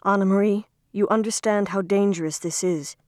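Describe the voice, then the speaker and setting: A woman's voice: medium pitch, steady tone, moderate pace, a little mellow, no room sound, studio quality, close to an everyday voice. A woman reading a storybook, voicing a worried mother who gives firm, tense instructions.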